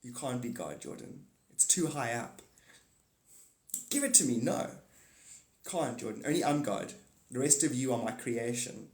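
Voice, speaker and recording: A man's voice: mid-range voice, expressive, measured pace, long pauses, darkish tone. A man hosting a livestream, rambling through a monologue and answering chat comments aloud. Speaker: livestream host. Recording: echoey room.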